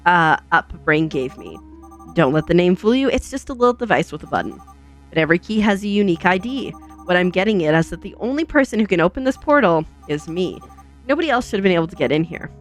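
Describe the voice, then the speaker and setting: A woman voicing an anxious young woman investigator as she reads game dialogue aloud, talking in worried, quick self-questions. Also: fairly low pitch, expressive, soft background music, close to an everyday voice. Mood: explaining.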